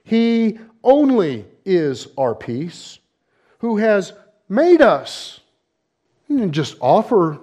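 A man preaching a sermon as pastor, emphatic and full of rhetorical questions, rising and falling sharply in pitch and loudness and slowing down to stress key words. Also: big pitch swings.

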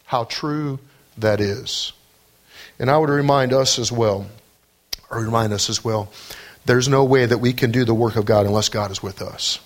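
A man preaching a sermon, emphatic, climbing high on scripture and key points and often repeating words as he starts a phrase. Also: normal speed. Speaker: pastor.

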